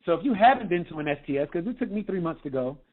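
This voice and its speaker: A man, a health coach, giving an energetic motivational talk on a group call, often checking in with "okay?". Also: high-pitched, rapid-fire. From United States. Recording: tinny phone line.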